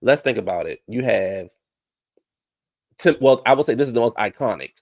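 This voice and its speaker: A man's voice: medium pitch, expressive, normal speed, darkish tone. A man giving a casual, blunt recap of a reality TV episode, chatty and full of asides. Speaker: reality TV commentator.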